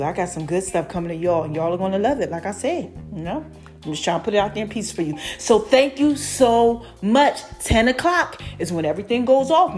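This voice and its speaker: A woman hosting her own podcast, giving a casual, effusive update to her followers, calling them y'all and baby. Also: fairly high pitch. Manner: animated, effusive, addresses listeners as y'all and baby. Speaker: podcast host and brand owner.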